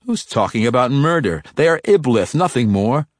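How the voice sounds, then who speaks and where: A man voicing a ruthless, scornful male dark elf assassin in a sharp, mocking tone. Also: medium pitch, big pitch swings, normal speed, dry recording, studio quality, voice pushed up.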